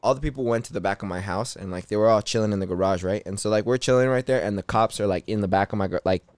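A man's voice: fairly low pitch, racing, no echo. A young man telling a story in a slangy, swearing casual chat as a podcast host.

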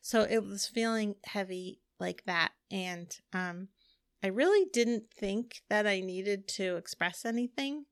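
A woman's voice: mid-range voice, unhurried, smooth, no room sound. A middle-aged woman co-hosting a podcast, chatting casually and rambling, with many "like"s and laughs. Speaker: podcast co-host. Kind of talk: casual chat.

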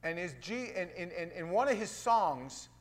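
A middle-aged man, a pastor, preaching a sermon in a folksy, playful way that swings from loud to hushed. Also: high voice, lively intonation, moderate pace.

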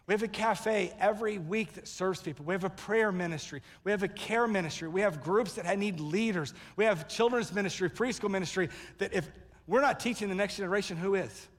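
A man preaching a sermon from the pulpit, his voice sitting high. He tells stories and acts out the people in them with sudden loud bursts. The sound carries a long reverb from the church hall. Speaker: pastor. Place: church sanctuary.

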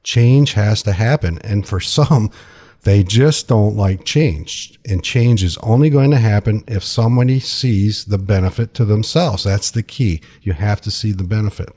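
Husky, plainspoken male financial advisor. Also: lowish voice, measured pace, darkish tone. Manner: plainspoken, conversational, uses folksy sayings. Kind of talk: radio talk show guest.

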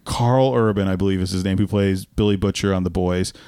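A man co-hosting a podcast, chatting casually about a movie in a rambling, tangential, animated way. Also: low voice, brisk, clear, resonant tone, dry recording. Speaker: podcast co-host.

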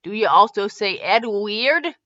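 A woman's voice: a little high, very animated, fairly quick, pushed and bright, no echo. A woman voicing an odd, grinning hunchbacked male servant with a cocky, offbeat way of talking, on a slightly dull recording.

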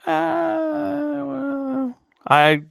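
A man's voice: very high-pitched, big pitch swings, drawn-out words, creaky, a bit bright, no room sound, studio quality. Wry joking man on a podcast. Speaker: podcast co-host. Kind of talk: casual chat.

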